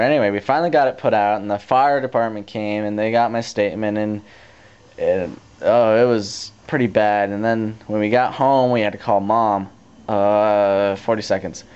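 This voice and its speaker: A teenage boy casually telling a story to his camera, rambling with restarts and growing animated as he retells it. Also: lowish voice, brisk, clear, resonant tone. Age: teens. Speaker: vlogger. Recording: dull lo-fi camcorder tape audio.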